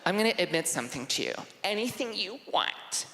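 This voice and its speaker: Man doing giggly high-voiced dorm girls. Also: big pitch swings, a little fast, background noise. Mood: gushing. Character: giggly young college women in a dorm. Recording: echoey hall, live stage.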